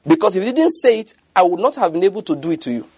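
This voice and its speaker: A preacher voicing a gloating male devil who taunts a person, in a husky, slightly raised voice. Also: high-pitched, sing-song, racing, darkish tone, no room sound, exaggerated voice.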